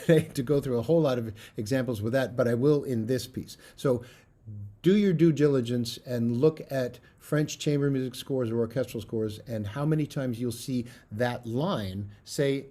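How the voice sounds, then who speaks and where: Middle-aged man, music professor type, earnest, emphatic lecture delivery, warm dark tone. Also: medium pitch. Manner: earnest, emphatic teaching with fillers. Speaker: bassoon professor.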